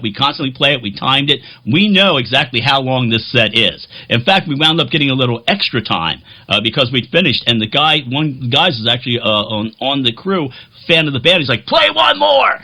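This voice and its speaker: A man rambles through a casual vlog story with self-deprecating jokes. His voice is bright and forward, and his pitch swoops around animatedly. He plays keyboards in a band. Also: slightly rough.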